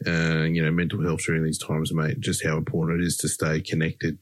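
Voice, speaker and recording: A man's voice: a bass voice, monotone, fairly quick, no echo. An Australian man hosting a podcast interview, laid-back and saying mate at every turn. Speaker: podcast host. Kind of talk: casual interview chat.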